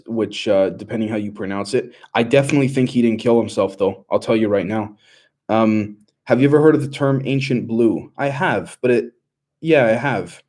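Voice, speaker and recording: Mellow-voiced man chatting on a livestream. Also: medium pitch. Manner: loose and rambling, many fillers and restarts. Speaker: livestream host reading chat questions. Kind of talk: casual livestream chat.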